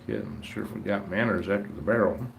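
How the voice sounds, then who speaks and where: A man's voice: on the low side, a little fast, creaky, slight background noise. A man, hosting a casual livestream chat in a rambling, folksy way. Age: 50s. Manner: rambling, folksy, greets viewers and reads chat aloud. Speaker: livestream host.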